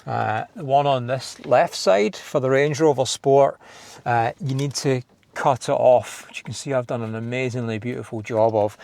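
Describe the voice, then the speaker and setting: At a moderate pace, a man from Scotland with a creaky, darkish, mid-range voice walks through a car install while sitting in a parked car. He keeps it chatty and self-deprecating, thinking aloud as he hosts the DIY video.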